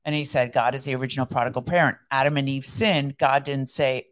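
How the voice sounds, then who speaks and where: Brief: female podcast co-host, deep voice, chatty explainer. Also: steady tone, fast. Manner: explanatory, chatty, laughs easily. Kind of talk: casual chat.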